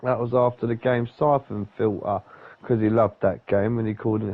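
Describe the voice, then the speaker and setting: A man's voice: lowish voice, fairly even intonation, moderate pace. A young man telling a rambling story in casual chat, swearing often. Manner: swears a lot, rambles with restarts. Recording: dull lo-fi sound.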